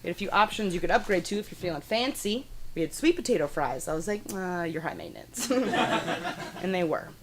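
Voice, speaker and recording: A woman's voice: medium pitch, expressive, a little fast, heavy background noise. A young woman doing a stand-up comedy set on a small studio stage, brash and profane, laughing at her own jokes. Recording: live audience clearly audible.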